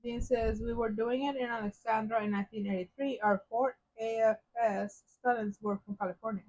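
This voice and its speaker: A woman co-hosting a live stream, reading viewer comments aloud softly from a little way off the mic. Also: a little high, fairly even intonation, normal speed. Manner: soft-spoken, a bit off-mic. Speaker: co-host reading chat. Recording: dull lo-fi audio, off-mic.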